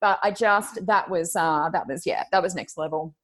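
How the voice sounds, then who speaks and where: A woman hosting a casual chat, telling a story in an animated, dramatic way. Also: lowish voice, normal speed. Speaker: podcast host.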